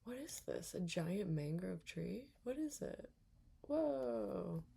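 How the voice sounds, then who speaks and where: A young woman giving casual let's-play commentary, reacting out loud, muttering to herself and swearing a lot. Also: medium pitch, lively intonation, takes it slowly, creaky, husky. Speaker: gaming streamer.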